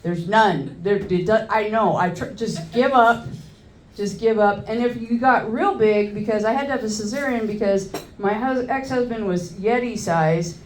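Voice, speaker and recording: A woman's voice: mid-range voice, moderate pace, reverberant, slight background noise. A woman in her forties doing a crude stand-up comedy set, telling loose stories and working the crowd from a club stage.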